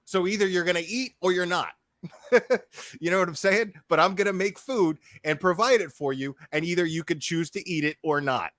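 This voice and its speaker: A man's voice: high voice, moderate pace, fairly bright tone, no room sound. A man ranting profanely and heatedly as a streamer, commenting on a video and talking to his chat.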